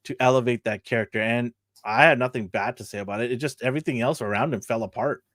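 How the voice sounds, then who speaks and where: A man hosting a casual podcast, energetic and jokey, often laughing and whooping. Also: medium pitch, quick pace, no echo, clean studio sound. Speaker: podcast host.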